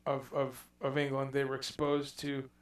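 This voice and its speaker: A man hosting a casual livestream chat, telling stories in a rambling, animated way and dropping in profanity. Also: mid-range voice, normal speed, reverberant, recorded from a distance. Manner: rambling, animated storytelling with mock accents and profanity. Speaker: livestream host.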